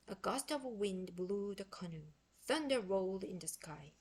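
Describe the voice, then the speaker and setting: A woman reading a children's book aloud in expressive, unhurried storytelling; her first language is Korean. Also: medium pitch, husky. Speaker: book reader.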